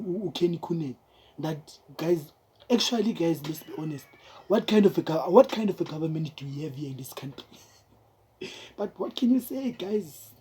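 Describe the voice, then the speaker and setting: A woman's voice: on the low side, mellow, slightly rough. A young South African woman with a South African accent, talking straight to her viewers in casual, emphatic commentary, repeating herself and calling them guys.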